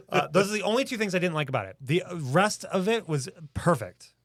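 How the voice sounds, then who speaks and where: A man co-hosting a podcast in casual chat, talking eagerly in quick bursts. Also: high-pitched, lively intonation, fairly bright tone, dry recording. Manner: eager, rushing bursts of speech. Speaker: podcast co-host.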